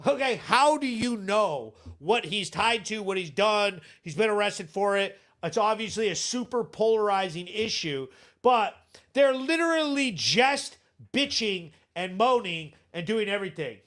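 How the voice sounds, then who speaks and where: A man's voice: high voice, animated, measured pace, a bit bright. A man hosting a live show, ranting bluntly and sarcastically in casual commentary, swearing freely. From Vermont.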